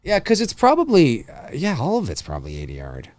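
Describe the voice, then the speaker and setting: A man talks through an old film with a friend, his pitch rising and falling freely as he chuckles along. The sound is dry and close, with no room around it. His pace is easygoing and casual. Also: huge pitch swings, brisk, no room sound. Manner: laid-back, chuckles often, reads viewer comments aloud. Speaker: co-host commentating a film. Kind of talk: live movie commentary chat.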